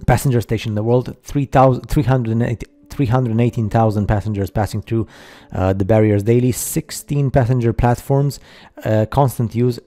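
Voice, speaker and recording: Guy narrating a slideshow, super mellow dark voice, halting, lots of ums, kinda skeptical. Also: medium pitch, faint music behind. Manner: halting, skeptical, many fillers. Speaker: video narrator. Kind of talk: casual voice-over over slideshow.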